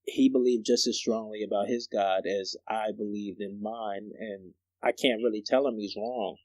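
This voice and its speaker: A man's voice: fairly low pitch, moderate pace, no echo. Young man telling stories on a podcast. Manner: animated storyteller, laughs often, slangy. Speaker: podcast co-host. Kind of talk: casual chat.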